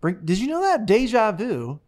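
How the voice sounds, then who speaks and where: A man's voice: high voice, huge pitch swings, normal speed, a little mellow. A man hosting a show, chatting casually and telling rambling, joking stories into a studio microphone. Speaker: show host and touring musician. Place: radio studio.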